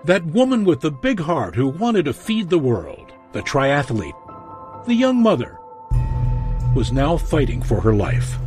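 A man narrating a true-crime documentary in a measured, dramatic storytelling manner. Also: fairly high pitch, huge pitch swings, music in the background.

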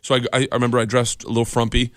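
A man's voice: medium pitch, rapid-fire, no echo, studio quality. A man, a comedian guest on a radio show, telling a long story, acting out voices and laughing as he goes. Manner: animated, acts out voices and laughs through the story.

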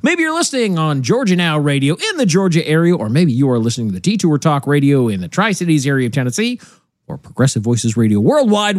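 A man's voice: on the high side, no echo, studio quality. A man hosting a political talk radio show, chatting casually and joking between fillers. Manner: lively, joking, rambling with fillers.

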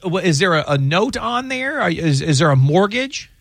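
Man, radio host, call-in legal show, rambling, self-interrupting, bit higher pitch, dry studio sound. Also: sing-song, moderate pace, a bit bright, no echo.

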